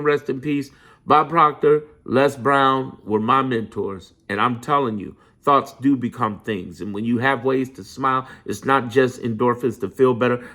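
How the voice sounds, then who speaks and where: A man's voice: medium pitch, vocal fry, fairly bright tone. A man giving an impassioned, profane political monologue, repeating lines for emphasis and preaching motivation. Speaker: political commentator.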